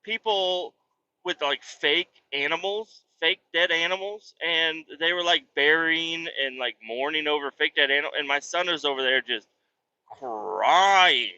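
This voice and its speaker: A man in his thirties casually telling stories about his kids and his work, animated and swearing freely. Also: a little high, moderate pace, clear, resonant tone. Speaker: vlogger, truck driver. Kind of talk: casual storytelling vlog. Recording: dull lo-fi sound.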